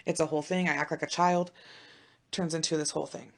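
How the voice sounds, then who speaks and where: A woman in her thirties co-hosting a podcast, telling stories in a casual chat with animated swings from loud outbursts to hushed asides and plenty of swearing. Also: low voice, fast, vocal fry. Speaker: podcast co-host.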